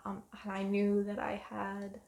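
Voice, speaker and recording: A young woman in her twenties rambling through a personal story in a vlog, soft and emotional with many pauses and ums. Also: mid-range voice, monotone, vocal fry, slight background noise. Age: 20s. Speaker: vlogger.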